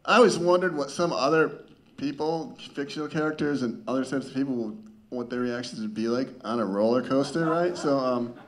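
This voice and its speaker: A man doing a stand-up comedy set, rambling with halting, stammering restarts. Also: on the high side.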